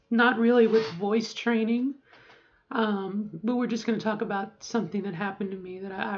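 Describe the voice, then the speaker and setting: A woman's voice: mid-range voice, a little mellow, dull audio. A middle-aged woman talking casually to camera, rambling with asides and often checking in with "okay?". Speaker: vlogger.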